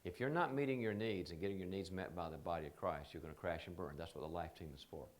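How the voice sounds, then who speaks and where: A man's voice: deep voice, quick pace. A man teaching a live training seminar in a conversational, joking way, often slipping into quoted voices.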